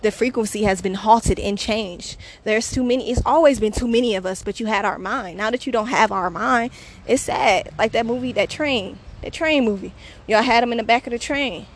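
Woman host, fiery casual monologue, slightly high voice. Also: normal speed. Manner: blunt, profane, emphatic, laughs often. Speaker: podcast host.

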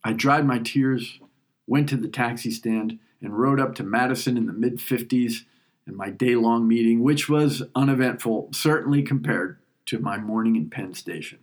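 Reflective man narrating his own story. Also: medium pitch. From New York. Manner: reflective, emotional, unhurried. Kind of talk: first-person story narration.

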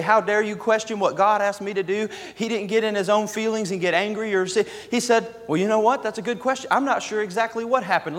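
Man preaching in a church, high voice, lots of hall echo, repeats lines for emphasis. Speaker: pastor. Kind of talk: sermon. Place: church sanctuary. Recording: long hall reverb.

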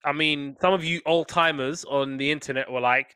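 A man co-hosting a casual chat, animated and playful, often slipping into quick voices. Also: fairly high pitch, clear, resonant tone, dry recording. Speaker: podcast co-host. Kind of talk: casual chat about wrestling.

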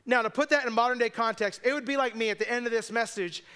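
A man preaching a sermon as pastor, telling the story with quick asides and voiced quotes. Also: very high voice, steady tone, bright, forceful tone, clean tone.

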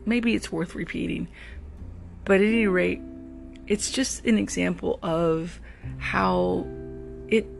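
A rideshare driver with a mid-range, creaky voice delivers a casual, reflective monologue as guitar music plays beneath him. He often repeats words while he searches for his next thought.

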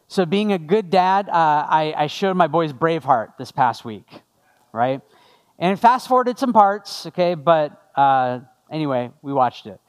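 High-voiced man preaching. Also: expressive, measured pace. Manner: conversational, jokey asides to the congregation. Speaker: pastor. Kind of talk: sermon with opening prayer.

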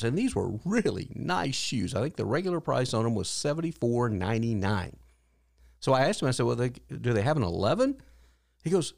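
A man's voice: medium pitch, big pitch swings, normal speed, gravelly, dry recording, studio quality. Earnest older man telling a story. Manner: earnest, acts out quotes in a raised voice. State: widowed, grieving but hopeful. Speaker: podcast host. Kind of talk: personal storytelling monologue.

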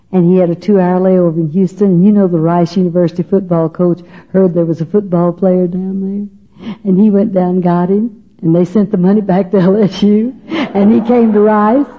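Giving a personal testimony of faith, an older woman from Texas speaks with humor and emotion, chatting folksily and mimicking what others said. She has a lowish, husky voice, and the audio has its highs cut off.

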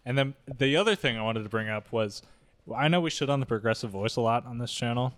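A man's voice: medium pitch, fast. A young man co-hosting a podcast, talking in a laid-back, rambling way. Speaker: podcast co-host. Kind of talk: casual chat.

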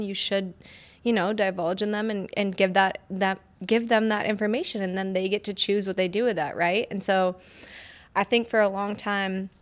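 Woman podcast host, frank and animated, swears a lot, acts out the back-and-forth. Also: mid-range voice. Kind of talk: candid podcast conversation.

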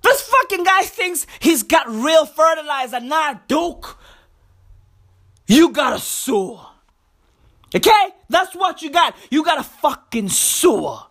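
A woman hosting a podcast in a profane comedic rant. She repeats her phrases and breaks into exasperated shouts. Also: sits high, sing-song, slow pace. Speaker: podcast host.

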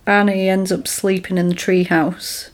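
A woman casually retelling a film's plot to a friend, animated and full of "like" fillers. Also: lowish voice, a little slow. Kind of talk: casual film recap chat.

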